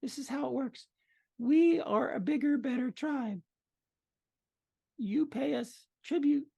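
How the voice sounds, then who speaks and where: A man's voice: very high-pitched, slow pace, vocal fry, warm tone, muffled recording, pitched above the performer's own voice, exaggerated voice. A man voicing a scheming female goblin envoy who talks down to others with mock politeness, in a tabletop role-play game. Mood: smug.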